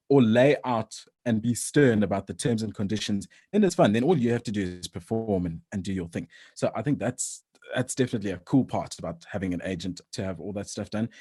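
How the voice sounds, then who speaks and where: A man, a voice-over artist, chatting casually in an interview with frequent restarts. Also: medium pitch. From South Africa. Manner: relaxed, rambling with frequent restarts and laughs.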